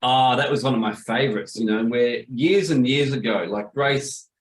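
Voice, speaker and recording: A middle-aged man tells a story in an animated, casual way, slipping into the voices of the people he quotes. His voice sits in a middle range. The room is echoey, with faint background noise. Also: mid-range voice, normal speed. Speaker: business coach, former law firm owner.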